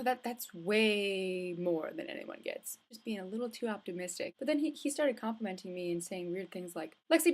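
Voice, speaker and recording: A young woman vlogging from home, telling a casual, rambling story full of likes and restarts. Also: mid-range voice. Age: young adult. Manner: chatty, rambling, with many filler likes and restarts. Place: indoors at home, with hood up.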